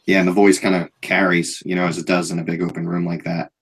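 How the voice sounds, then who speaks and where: A man narrating a tabletop game as game master in a relaxed, hesitant way with many fillers. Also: deep voice, fast, slight background noise.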